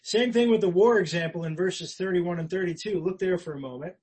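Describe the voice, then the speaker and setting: A man preaching a sermon as pastor, earnest and conversational, rising for emphasis and dropping quiet. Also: high-pitched, fairly quick, breathy edge, low-quality recording. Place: church.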